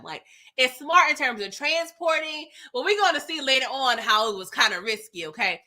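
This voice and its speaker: Woman recap host: high voice, animated and slangy, chatty retelling. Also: moderate pace. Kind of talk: live TV episode recap.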